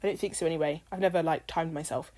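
A woman's voice: deep voice, fairly even intonation, fast talker, mellow. A young British woman in her twenties hosting a casual solo podcast, rambling and swearing freely, a little tired with a drying voice. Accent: British English. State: tired, voice getting dry. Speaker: podcast host.

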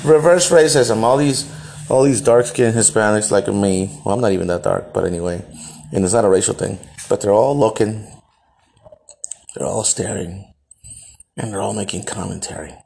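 A man from El Salvador holds forth on his podcast in a low, gravelly voice. He tells his story bluntly, swears freely and often restarts his sentences as he goes. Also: normal speed, darkish tone, slight background noise. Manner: blunt, profane, emphatic, with frequent restarts. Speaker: podcast host.

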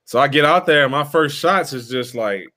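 A young man hosting a relaxed conversation, telling his story with lots of slang and an easy back-and-forth rhythm. His voice sits at an ordinary middle pitch and jumps up high when he gets excited. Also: normal speed. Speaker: podcast host, former player. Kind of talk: casual storytelling chat.

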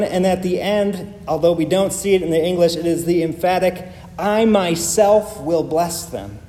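A man's voice: high voice, normal speed, hardly any pauses, warm tone. A male pastor preaching a sermon, emphatic and building his points through repeated phrases. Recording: long reverb of a large hall.

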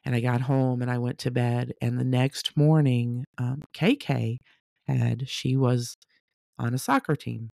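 A woman telling a personal story casually, animated, acting out the people she quotes. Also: extremely low pitch, a little slow, gravelly, no room sound, studio quality. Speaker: storyteller sharing a personal testimony.

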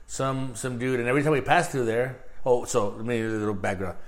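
A man's voice: medium pitch, fairly even intonation, fast. A man in casual chat, telling a long story and acting out quotes in a raised voice with laughs.

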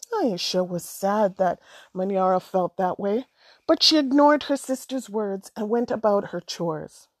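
A woman narrating a storybook aloud in a measured, expressive way. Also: medium pitch, dry recording.

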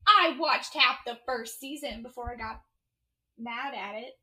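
Young woman, high bright voice, chatty, teasing podcast co-host. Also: measured pace, rough recording. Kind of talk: casual chat.

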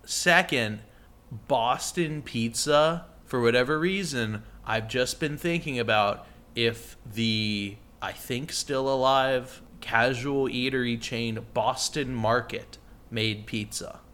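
A man's voice: medium pitch, slow pace. A man co-hosting a podcast, chatting casually and playfully with his friend, joking around. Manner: playful, jokey, bursts into mock shouting. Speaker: podcast co-host.

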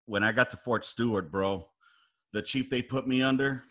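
A man telling army stories in casual chat, animated and profane, acting out loud quotes. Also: mid-range voice, normal speed. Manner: animated storyteller, heavy swearing, acts out quotes loudly.

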